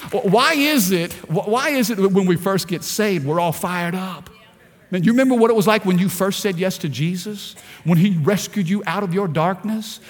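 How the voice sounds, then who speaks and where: A male pastor preaches with fervor, stacking rhetorical questions and repeating words as he drives his points home. His voice sits high, and it rings out in a large hall with a long reverb tail. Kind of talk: sermon.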